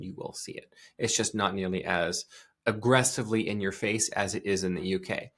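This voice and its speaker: A male podcast host giving discursive solo commentary, full of asides and restarts. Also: fairly low pitch.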